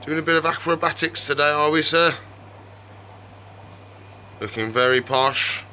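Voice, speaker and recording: Bright-voiced chatty man. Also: a little high, unhurried, slight background noise, poor audio. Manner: chatty, talks to his animals. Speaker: reptile shop owner. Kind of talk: casual vlog chat.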